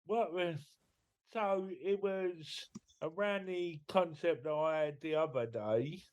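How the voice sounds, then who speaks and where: An English man co-hosting a podcast, explaining his ideas in a laid-back, unhurried way. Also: fairly high pitch. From Britain. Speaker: podcast co-host. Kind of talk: casual chat.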